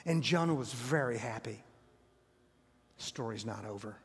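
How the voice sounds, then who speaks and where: Male preacher, husky, slightly high voice, storytelling sermon that sinks to near whispers; long hall reverb. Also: animated, measured pace.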